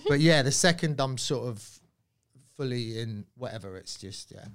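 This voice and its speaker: A man from Surrey, a comedian guest on a podcast, telling stories in an animated way and swearing freely. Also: medium pitch, moderate pace, smooth. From Surrey, England. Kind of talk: casual podcast chat.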